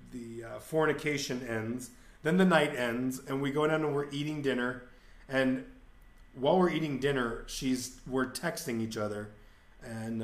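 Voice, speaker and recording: Man telling a rambling story in an echoey room. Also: medium pitch. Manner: candid, rambling anecdote with crude humor and acted quotes. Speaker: podcast host. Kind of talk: casual storytelling monologue.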